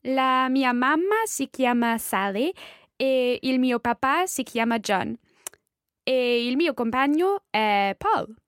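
A woman playing a polite young Scottish woman tourist who is learning Italian and speaks it slowly and carefully. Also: high-pitched, animated, no room sound, clean studio sound.

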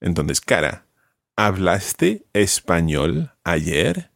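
Low-voiced patient male Spanish teacher. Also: big pitch swings, takes it slowly, gravelly, no room sound, clean studio sound. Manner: patient, repeats words for the student. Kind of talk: one-to-one language lesson.

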